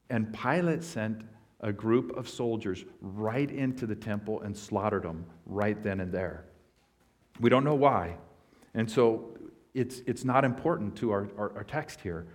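Male pastor, mid-pitched, earnest teaching sermon with emphatic swells.

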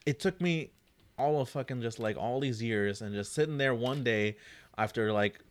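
A man's voice: medium pitch, moderate pace. A man hosting his podcast in casual chat, joking and swearing freely. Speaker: podcast host.

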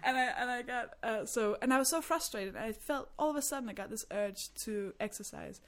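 A woman's voice: on the high side, normal speed. A young adult woman from Denmark, a stand-up comedian chatting candidly and self-deprecatingly as a podcast guest. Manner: candid, self-deprecating storyteller who laughs often. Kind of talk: casual podcast chat.

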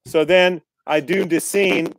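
A man chats casually, telling lively stories, cursing freely and acting out the people he quotes. His voice sits a little on the high side. The sound is dry and close, with no room echo. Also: takes it slowly. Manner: animated, swears freely, mimics others in quotes. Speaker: actor guest. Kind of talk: casual storytelling chat.

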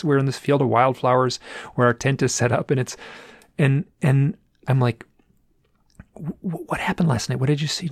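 A man's voice: medium pitch, vocal fry, dry recording, clean studio sound. A man telling a personal story in a casual, rambling way, with restarts and repeated phrases. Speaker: guest telling an experience.

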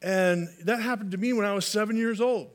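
Man with a high-set voice preaching a casual, folksy sermon with light humor. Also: brisk. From California. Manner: folksy, repeats and restarts phrases, light humor. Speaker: pastor.

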